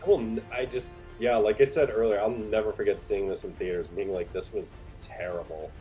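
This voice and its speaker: A man's voice: lowish voice, steady tone, a little fast, warm tone, soft background music. A man co-hosting a podcast, talking about a film in a casual, blunt and dismissive way, with lots of "like". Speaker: podcast co-host. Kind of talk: casual movie chat.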